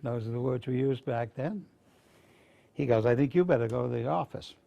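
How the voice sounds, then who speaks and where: A man's voice: mid-range voice, moderate pace, gravelly, mellow, highs cut off. An older man from Maine, a veteran speaking to students, telling folksy stories in a rambling, casual way. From Maine, USA. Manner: rambling, folksy anecdotes with restarts.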